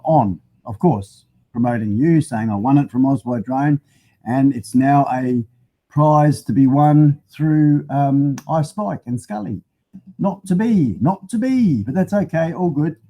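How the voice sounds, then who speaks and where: A man's voice: medium pitch, a little slow, dark tone. An Australian man hosting a casual live stream, chatty and matey as he greets viewers by name. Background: faint music.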